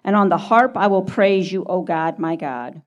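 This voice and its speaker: A woman reads scripture aloud in a steady, measured way. Her voice sits at a middle pitch. She sounds a little distant from the microphone. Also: dull audio. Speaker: scripture reader.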